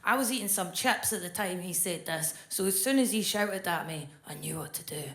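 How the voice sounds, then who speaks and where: Deadpan woman doing stand-up. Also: lowish voice, a little fast. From Scotland. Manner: deadpan, blunt, dry delivery. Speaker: stand-up comedian. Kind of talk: stand-up set. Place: comedy club stage. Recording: roomy live club sound.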